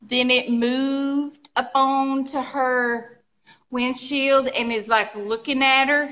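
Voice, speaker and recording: A woman, co-hosting a live furniture painting show and telling animated, exclamatory stories full of sound effects. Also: sits high, slow. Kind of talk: casual storytelling chat.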